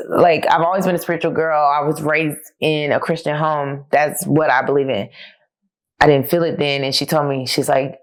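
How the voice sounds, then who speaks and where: A woman with a low, dusky voice hosts a solo podcast, chatting openly with her listeners. She reads from old journal entries and reflects on them, emotional and near tears at times, yet still laughing. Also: steady tone, brisk. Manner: candid and conversational, addressing listeners as y'all. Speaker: podcast host.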